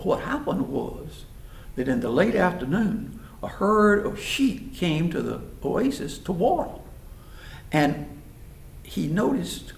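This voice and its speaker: A man telling a story in a folksy, animated way. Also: sits high, creaky, slight background noise. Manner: animated, folksy, acts out voices. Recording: roomy hall, mic far off.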